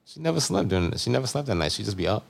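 A man hosting a podcast in casual, joking chat, giving shout-outs to listeners. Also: lowish voice, big pitch swings, racing, creaky, no echo. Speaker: podcast host.

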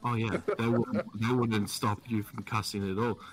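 A man's voice: lowish voice, flat delivery, normal speed, faint music behind. A man chatting casually on a stream, teasing in a dry way. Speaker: guest on a chat stream. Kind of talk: casual group chat.

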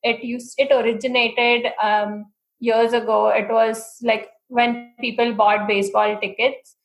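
A woman's voice: a little high, level tone, a little slow, gravelly. Podcast co-host, woman from India, chatty and giggly, echoey room. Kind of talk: casual chat.

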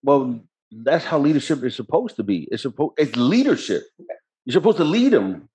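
A man's voice: medium pitch, very animated, moderate pace, darkish tone. A young man co-hosting a podcast in casual chat, blunt and swearing freely as he tells work stories. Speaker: podcast co-host.

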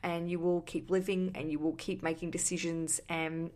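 A woman's voice: on the low side, level tone, moderate pace, darkish tone. Chatty, ranty woman podcast host. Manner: chatty and ranty, swears casually, self-deprecating. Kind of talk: casual solo podcast chat, answering listener voice messages.

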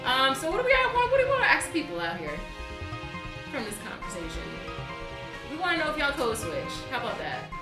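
A woman's voice: high voice, huge pitch swings, fairly quick, echoey room, over loud music. A woman hosting a casual group chat, teasing and laughing as she talks. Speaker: podcast host.

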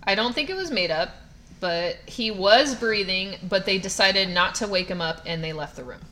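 Bright-voiced wry woman podcaster. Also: medium pitch, normal speed, slight background noise. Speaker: podcast co-host. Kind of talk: casual chat.

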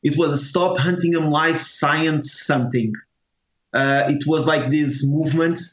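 A man from Portugal with a Portuguese accent, telling a personal story in casual talk, halting with many restarts and fillers. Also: on the high side, steady tone. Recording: echoey, muffled room sound.

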